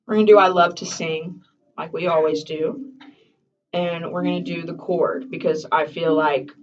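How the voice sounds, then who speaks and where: A woman's voice: fairly low pitch, fairly even intonation, normal speed. Woman voice teacher, chatty and encouraging, recorded far from the mic with a dull sound. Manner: encouraging, chatty, demonstrates by singing. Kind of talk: one-on-one singing lesson.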